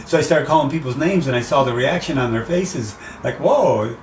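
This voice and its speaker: An older American man, a race announcer, telling animated stories in a casual interview. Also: medium pitch, brisk, distant mic. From USA. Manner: animated anecdotes, acts out quoted voices. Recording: roomy, off-mic, faint background noise.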